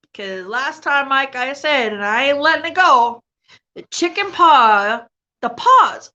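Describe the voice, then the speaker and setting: A woman's voice: sits high, very animated, slow. A middle-aged woman hosting a casual vlog chat, talking loosely and colloquially, ranting and laughing. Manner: loud, laughing, Southern-style colloquial rant. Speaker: vlog host. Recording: dull lo-fi home recording.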